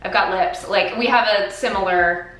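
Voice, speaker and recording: A woman's voice: medium pitch, moderate pace, a bit bright. Woman, beauty vlogger, casual makeup tutorial, exclamatory, roomy echo. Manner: chatty and exclamatory, many fillers.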